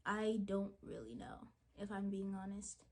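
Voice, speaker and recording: A young woman vlogger chatting to the camera while getting ready, retelling a story in an animated, dramatic way with lots of "like"s. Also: mid-range voice, unhurried, gravelly.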